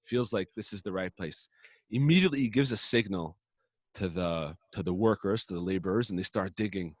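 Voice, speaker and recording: A man casually telling a story on a podcast, acting out the characters' quotes in lively voices. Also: low-pitched, fairly quick, no echo. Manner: animated, acts out characters' quotes. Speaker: podcast co-host.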